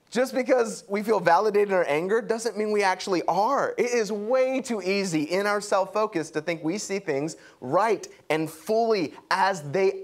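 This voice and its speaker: A young adult man preaching a sermon, animated and acting out quotes. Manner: lively, acts out quotes with pitch jumps. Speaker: pastor.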